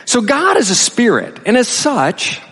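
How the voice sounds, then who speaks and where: A male pastor preaching a conversational sermon, reading scripture slowly between animated, chatty asides. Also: very high-pitched, breathy edge, big-room sound. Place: church sanctuary.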